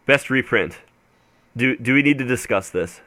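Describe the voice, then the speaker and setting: A man's voice: medium pitch, lively intonation, normal speed, background noise. A man co-hosting a casual podcast chat, hedging his views and often restarting his sentences. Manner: hesitant, hedging, many restarts. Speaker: podcast co-host. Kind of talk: casual chat about a card game.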